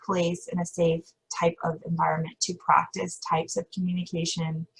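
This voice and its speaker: A woman's voice: on the low side, little pitch movement, normal speed, gravelly, husky, low-quality recording. A middle-aged woman chatting as a guest in an interview, rambling and self-correcting with frequent laughter. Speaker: podcast guest. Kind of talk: casual interview chat.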